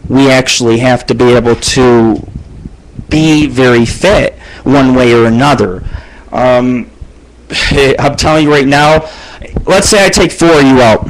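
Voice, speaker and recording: A man's voice: slight background noise, poor audio. A middle-aged man hosting a radio show, ranting crudely and boastfully in a rambling monologue. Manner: profane, boastful, rambling, shifts pitch for jokes. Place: abandoned house.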